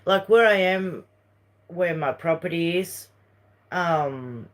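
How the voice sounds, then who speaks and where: A Uruguayan woman with a Uruguayan Spanish accent hosts a casual livestream, rambling between topics and reading out viewer messages. Her voice is on the low side and slow.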